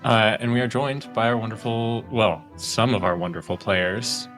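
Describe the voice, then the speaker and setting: A man's voice: lowish voice, moderate pace, music in the background. A man co-hosting a tabletop game podcast, joking around and swearing casually. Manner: swears casually, jokey and animated. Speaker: game master co-host. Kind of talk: casual chat, podcast intro.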